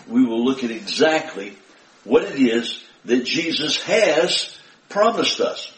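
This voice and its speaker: A man's voice: mid-range voice, very animated, takes it slowly. Man, pastor, emphatic sermon delivery, echoey room, mic at a distance. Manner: emphatic preaching with rising scripture readings. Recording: roomy echo, from a distance.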